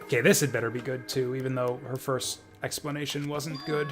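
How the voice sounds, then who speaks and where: Joking male streamer, mid-pitched voice, faint game music under him. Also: fairly even intonation, moderate pace, fairly bright tone. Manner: casual, jokey, reads game dialogue aloud. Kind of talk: let's play commentary.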